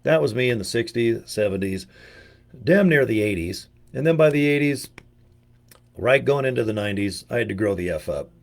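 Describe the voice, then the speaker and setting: A man's voice: mid-range voice, expressive, normal speed, vocal fry. An older man from the US giving a rambling, joking casual monologue as a video presenter, full of slang and asides. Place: home in Utah.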